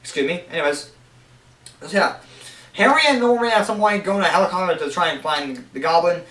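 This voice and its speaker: A young man with a high-pitched voice gives a loose, rambling countdown, stumbling and restarting his sentences. He sounds off-mic in an echoey room. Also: a little fast, pushed and bright, distant mic. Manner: rambling, many restarts and fillers. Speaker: show reviewer. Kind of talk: casual countdown commentary.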